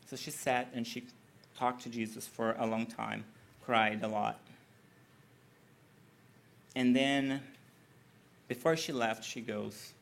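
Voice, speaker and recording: A man's voice: mid-range voice, slow, creaky, long pauses, a bit bright. A man preaching a sermon as a conversational retelling of a scripture story, often asking his listeners "right?" as he goes. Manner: conversational, with tag questions.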